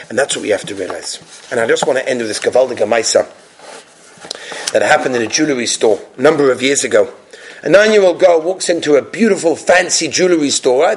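A man's voice: medium pitch, a little hiss or hum. A man giving a religious talk, telling stories and acting out the characters. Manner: animated storytelling, acts out characters. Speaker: religious lecturer.

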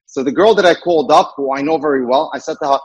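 A man's voice: on the high side, fast talker, husky, lo-fi sound. A man working as a dating mentor, giving an earnest lecture full of rhetorical questions.

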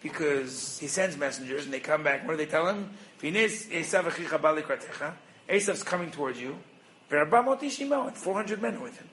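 Lively high-voiced rabbi teaching. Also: male voice, brisk, slight background noise, rough recording. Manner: animated, asks rhetorical questions; acts out little dialogues. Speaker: rabbi and educator. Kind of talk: Torah lesson.

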